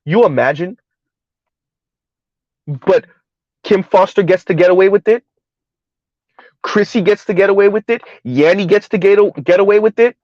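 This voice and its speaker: A man giving a heated, emphatic commentary rant on his vlog, repeating his points loudly. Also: high-pitched, normal speed, long pauses, dry recording, dull audio. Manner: loud, emphatic, repeats points, laughs at times. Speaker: commentary vlogger.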